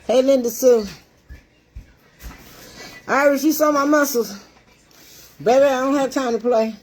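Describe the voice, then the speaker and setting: A woman's voice: high voice, steady tone, unhurried, a little mellow. An older woman hosting a casual livestream, out of breath and greeting her viewers by name. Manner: chatty, greets commenters by name. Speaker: livestream cooking show host.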